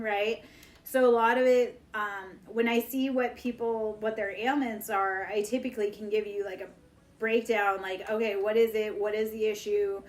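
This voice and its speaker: Woman in her forties, live-stream host, blunt and cursing, preachy, slightly high voice. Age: 40s. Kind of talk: casual live-stream monologue.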